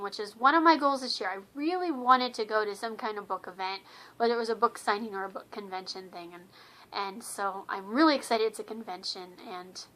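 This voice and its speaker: A woman chats casually to her camera about her books, her voice sitting a little high. The tone is bright and forward. She rambles with lots of fillers and restarts, gushing with enthusiasm. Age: adult with children. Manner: enthusiastic, repeats words for emphasis. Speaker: book vlogger. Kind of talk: casual vlog chat.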